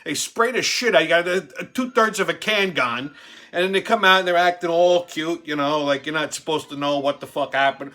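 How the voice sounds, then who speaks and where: A little high and a little fast, a man's pushed, bright voice drives a brash, profanity-laden comic story. He's a show host in his forties, acting out the quotes as he goes.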